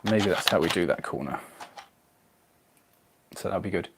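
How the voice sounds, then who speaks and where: A chatty man from England with a slightly low voice hosts a relaxed live stream. He reads viewer comments aloud between bits of building and pokes fun at himself along the way. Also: moderate pace, heavy background noise. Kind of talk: casual live-stream chat while model building.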